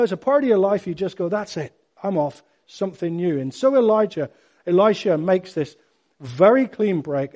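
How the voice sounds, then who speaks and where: A middle-aged man preaching a sermon in an emphatic, animated way, with sudden loud bursts. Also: high-pitched.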